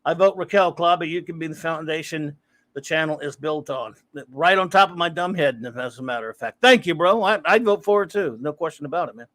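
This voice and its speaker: A man's voice: a little high, fairly quick, fairly bright tone, no echo. A man hosting a casual livestream, rambling and greeting viewers by name as he reads the chat. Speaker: livestream host. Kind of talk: casual live-stream chat, reading chat aloud.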